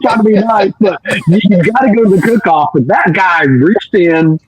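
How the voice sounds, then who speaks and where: A man, co-hosting a barbecue chat and telling an animated story, laughing often. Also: sits high, normal speed, a loud crowd, rough recording. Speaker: barbecue podcast co-host.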